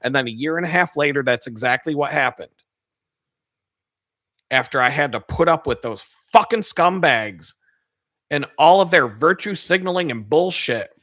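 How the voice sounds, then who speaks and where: Brief: man, 30s, podcast host, bright tense voice, dry close mic, angry profane monologue. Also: on the high side, lively intonation, normal speed, dry recording. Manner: profane, heated ranting with sudden shouted outbursts.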